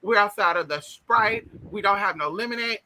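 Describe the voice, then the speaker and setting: A man voicing a weary female fast-food worker reciting apologies in a flat way. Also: high voice, rough recording. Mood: apologetic.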